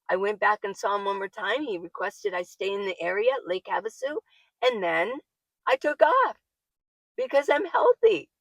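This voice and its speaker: A woman's voice: medium pitch, vocal fry, a bit bright, no room sound, poor audio. A woman, older, talking casually to camera and answering viewer comments, chatty and laughing often, sometimes getting worked up. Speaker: van-life vlogger. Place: living in her minivan.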